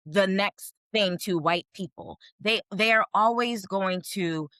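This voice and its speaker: A woman's voice: medium pitch, slow pace, a bit bright, no room sound, clean studio sound. A woman co-hosting a casual podcast recap, talking emphatically and firing off pointed questions. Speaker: podcast co-host.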